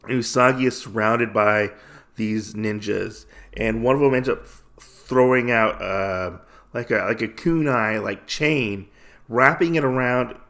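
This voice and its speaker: A man's voice: medium pitch, unhurried, fairly bright tone. A man hosting a podcast, recapping a comic casually with lots of fillers and restarts. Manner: rambling, many fillers and restarts. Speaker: podcast host.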